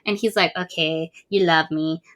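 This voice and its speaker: A woman's voice: low voice, steady tone, moderate pace, fairly bright tone. A woman co-hosting a book podcast, recapping the plot casually and acting out the characters' lines. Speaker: podcast co-host.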